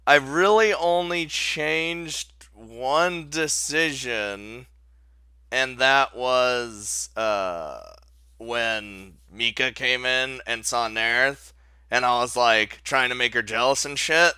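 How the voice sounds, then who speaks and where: A let's play host reads a visual novel's story aloud in a mid-range, sharp, clear and resonant voice, with no room sound. He keeps things casual, swearing, laughing, and breaking off mid-sentence to restart.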